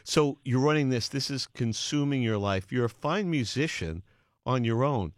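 Animated male podcast host, dry sound. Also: mid-range voice, dry recording. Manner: enthusiastic storyteller, fast and animated. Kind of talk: casual interview chat.

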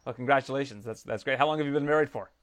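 A man's voice: mid-range voice, very fast, fairly bright tone. A man interviewing a fighter, friendly and chatty. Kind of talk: interview questions.

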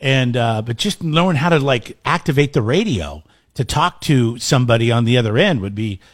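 A man's voice: medium pitch, animated, normal speed, no room sound, studio quality. A man co-hosting a morning radio show, chatting casually and introducing clips.

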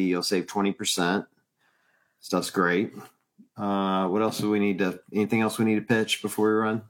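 A man's voice: lowish voice, level tone, normal speed. A man from Mississippi with a Southern accent, co-hosting a podcast in casual, joking chat and reading out sponsor plugs. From Mississippi, USA. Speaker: podcast co-host.

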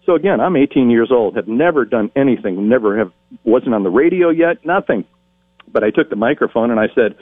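In an interview, a middle-aged man who announces game shows tells tales with plenty of animation, impersonating those he quotes. His medium-pitched voice moves fairly quickly, and while there's no echo, the line sounds thin and tinny like a phone call.

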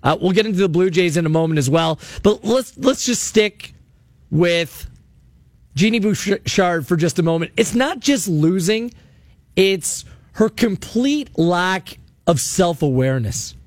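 A man hosting call-in sports radio from a studio, his voice pitched high for a man and recorded dry and close. He rants with emphatic sarcasm and sounds a little worn, as if losing his voice. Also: lively intonation, measured pace, dry recording.

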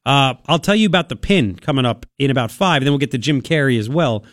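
A man hosting a talk radio show in a studio, delivering an opinionated monologue in a sarcastic, mocking, animated way. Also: mid-range voice, fast talker, no room sound. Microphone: studio microphone.

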